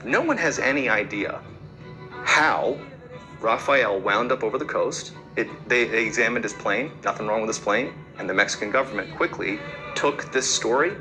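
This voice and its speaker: A man's voice: lowish voice, expressive, moderate pace, over music, rough recording. A man hosting a podcast, telling a story casually and conversationally, with fillers and repeated words. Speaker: podcast host.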